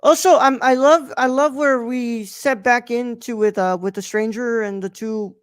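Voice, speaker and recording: A man co-hosting a podcast, chatting casually and excitedly, swearing and laughing often. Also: very high voice, normal speed, clean tone, dry recording, clean studio sound. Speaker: podcast co-host. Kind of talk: casual review chat.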